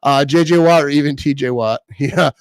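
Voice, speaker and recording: A man's voice: on the high side, normal speed, no room sound, poor audio. A man in his thirties hosting a casual live stream, rambling and laughing often as he reads comments. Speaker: livestream host reading comments.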